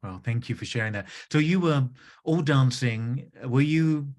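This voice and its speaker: A man interviewing a guest, asking gentle questions and halting as he rephrases them. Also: mid-range voice.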